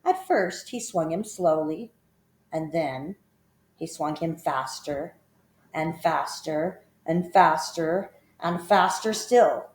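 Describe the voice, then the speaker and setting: Woman reading a children's story aloud; lowish voice, measured and expressive, roomy echo.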